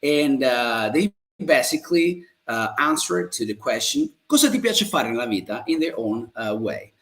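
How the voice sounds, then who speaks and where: A man from Italy with an Italian accent, teaching Italian in a live-streamed lesson, repeating phrases slowly and staying upbeat and positive. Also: medium pitch, very animated, a bit bright. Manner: slow, drawn-out model phrases repeated for learners.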